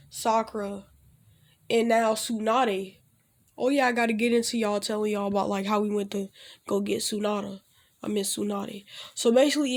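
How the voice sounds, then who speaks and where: A young man casually telling a self-insert fan story, rambling with lots of restarts and loosely acting out the characters' lines. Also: high-pitched. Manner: rambling, with frequent restarts and fillers like "basically" and "like".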